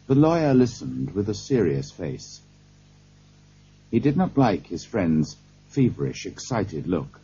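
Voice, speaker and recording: A man reads a storybook slowly and deliberately. His voice is low, husky and breathy, and his pitch moves a great deal. The sound is a dull, lo-fi cassette tape. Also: sing-song, dark tone. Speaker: audiobook narrator. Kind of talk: scripted narration.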